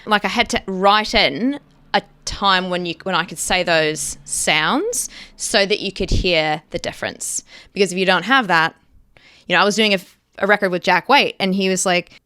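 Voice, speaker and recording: A middle-aged woman, an actress, chatting as an interview guest and telling animated stories with lively quoted bursts. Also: mid-range voice, fairly quick, clear, resonant tone, dry recording, studio quality. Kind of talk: casual interview chat.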